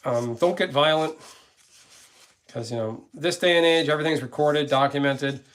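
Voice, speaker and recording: A man's voice: a little high, moderate pace, a bit bright. A man streaming from his gaming channel, chatting casually with viewers in a rambling, blunt way and cursing freely.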